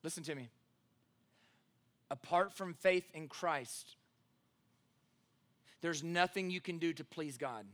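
A man preaching a sermon to a church congregation, emphatic, repeating key phrases and building to loud exhortation. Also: a little high, clean tone. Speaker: pastor.

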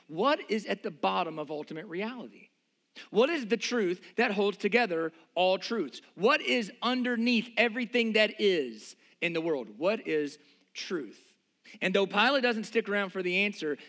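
A man's voice: high voice, a bit bright. A man preaching a sermon as pastor, earnest and emphatic, asking the listeners repeated rhetorical questions.

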